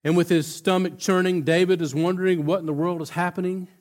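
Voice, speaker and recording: A male pastor preaching a sermon in a conversational, emphatic way, with halting restarts. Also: high voice, fairly even intonation, darkish tone.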